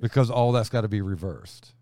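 A pastor with a lowish voice talks through scripture with a co-host, earnest and conversational. He builds to emphatic points, then drops his voice low. The sound is dry and close. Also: fairly quick, dark tone, no room sound.

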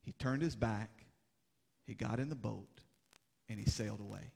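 A young adult man preaching a sermon as pastor, moving between urgent, rising exhortation and hushed, grave passages. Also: on the low side, normal speed, gravelly. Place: church sanctuary. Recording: long hall reverb.

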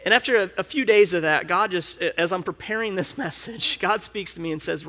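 A man's voice: high voice, fairly quick, vocal fry, fairly bright tone. A male pastor preaching a conversational sermon, candid and personal, often restarting his sentences. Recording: long hall reverb.

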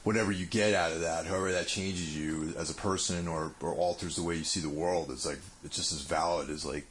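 Deep-voiced man musing in casual chat. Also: steady tone, brisk, a bit bright, a little hiss or hum. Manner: musing, filler-heavy, philosophical.

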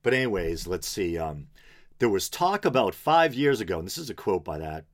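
A man's voice: deep voice, very animated, normal speed. A man hosting an unscripted podcast, reading news aloud with casual, wry asides. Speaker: podcast host.

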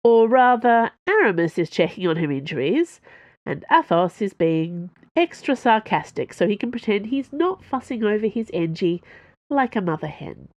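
A woman voicing a wry, knowing woman crewmate who speaks in a relaxed, sighing way. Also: medium pitch, moderate pace, no echo, pitched above the performer's own voice. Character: warm, wry woman crewmate, protective friend.

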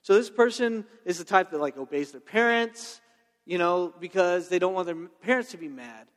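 A man preaching a sermon in a conversational, animated way, full of personal stories and checking in with "right?". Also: high voice, normal speed. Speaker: pastor. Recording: long reverb of a large hall.

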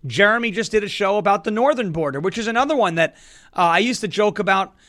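A man hosting a political commentary show. His voice is high-pitched and bright, with a sharp edge. He delivers the news with sarcasm and running jokes. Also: animated, quick pace. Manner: sarcastic, joking. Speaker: host.

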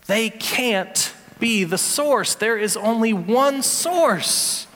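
Guy pastor preaching, high voice, gets loud n emphatic, big hall echo. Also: extremely slow, hardly any pauses. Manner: animated preaching, rising to emphatic peaks. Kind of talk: sermon.

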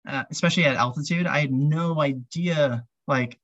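A man's voice: fairly high pitch, moderate pace, fairly bright tone, dry recording. Rambling man talking shoes, dull audio. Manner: rambling, heavy with fillers like "um" and "like". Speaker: podcast guest, ultrarunner. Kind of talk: casual interview chat.

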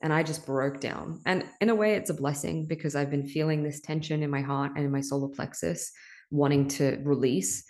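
Woman podcast host, low gravelly voice, raw confessional monologue, casual swearing. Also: fairly even intonation, normal speed, darkish tone. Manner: emotional, confessional, swears freely. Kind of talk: candid personal monologue.

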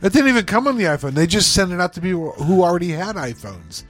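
A man's voice: high-pitched, big pitch swings, a bit bright, soft background music. Joking male podcast co-host. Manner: quick quips and frequent laughter. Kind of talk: casual chat.

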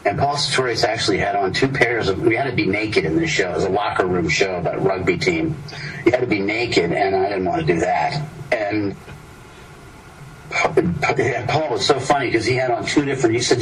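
An older man, an actor, telling a rambling anecdote in casual interview talk, acting out the people he quotes. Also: fairly low pitch. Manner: rambling, lively storyteller voicing quoted people. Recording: distant mic with clear background noise.

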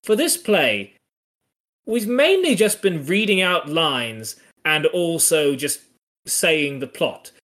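A man's voice: a little high, sing-song, slow, a bit bright. A man co-hosting a podcast, talking through a classic comedy in a thoughtful, casual way with frequent restarts. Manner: thoughtful, restarts and hedges while analysing. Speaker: podcast co-host. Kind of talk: casual discussion of a classic play.

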